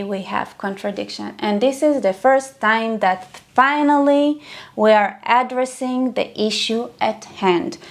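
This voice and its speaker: A woman's voice: mid-range voice, gravelly, darkish tone. A woman teaching a video lesson in a conversational way, with fillers and quoted examples.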